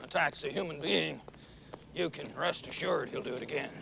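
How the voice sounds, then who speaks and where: Gravelly sneaky vet villain guy, bright edge, trying to sound reasonable. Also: a little high, normal speed, slight background noise, heavily acted. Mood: ominous. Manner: falsely reasonable, smooth menace. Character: scheming middle-aged male evil vet.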